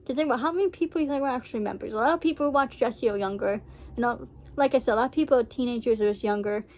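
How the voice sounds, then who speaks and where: A woman's voice: fairly high pitch, very fast. A woman vlogger rambling heartfelt reaction commentary, full of fillers.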